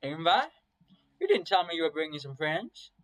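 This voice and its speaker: A man's voice: fairly high pitch, sing-song, moderate pace, a bit bright, no echo, pitched above the performer's own voice. A man voicing a terse, hostile male salamander, speaking with clipped warning.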